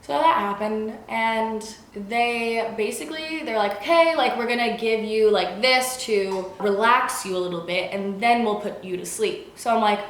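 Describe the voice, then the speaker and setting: A woman's voice: mid-range voice, unhurried, few pauses, a little hiss or hum. Chatty young woman vlogger in echoey room. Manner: chatty, filler-heavy, acts out quotes. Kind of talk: casual storytime.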